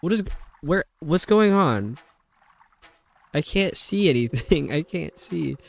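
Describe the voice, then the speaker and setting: A man's voice: on the high side, expressive, takes it slowly, gravelly. Rambling young man streaming a game. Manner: rambling, stumbles over words, laughs often. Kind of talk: live gameplay commentary.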